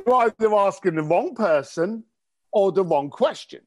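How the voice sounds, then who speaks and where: A man from East tells stories bluntly and cheekily, swearing freely. His voice sits high, and his pitch leaps around with animated energy. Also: moderate pace. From East London. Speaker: interview guest. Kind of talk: casual storytelling interview.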